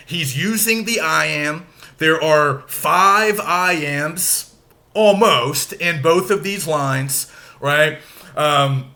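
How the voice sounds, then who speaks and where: A male teacher gives a recorded lecture in a slow, unhurried way, leaning on syllables to show their stress. His voice sits a bit high and sounds bright and forceful. He keeps explaining step by step.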